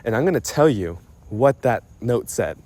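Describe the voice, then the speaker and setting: Young guy ribbing his buddy on a phone voice memo, swears a lot, mid-pitched. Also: sing-song, normal speed, darkish tone. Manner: teasing and profane, breaks into laughter. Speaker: friend recording a message. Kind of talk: casual storytelling voice memo.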